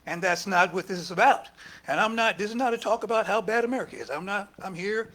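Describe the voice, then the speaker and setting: A man's voice: sits high, fast, a bit bright. A man giving a conversational sermon at a spiritual center, acting out quoted speech with emphatic rises and dropping at times to near whispers. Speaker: speaker at a spiritual center service. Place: church hall.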